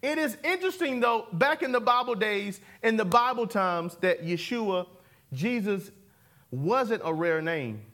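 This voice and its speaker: A man's voice: high voice, animated, a little slow, pushed and bright. A man preaching a sermon, calling for responses and repeating key words. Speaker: pastor. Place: church sanctuary.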